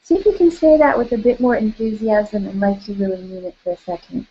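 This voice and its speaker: A woman coaches listeners through tapping, calling out points and affirmations gently but expressively. Her medium-pitched voice has a breathy edge and moves fairly quickly with few pauses, and the recording's highs are cut off.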